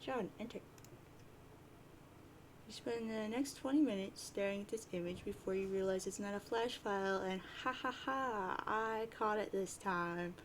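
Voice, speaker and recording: A woman's voice: medium pitch, moderate pace, slight background noise, rough recording. A woman reading a webcomic aloud, chatty with jokey asides. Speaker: reader of a webcomic.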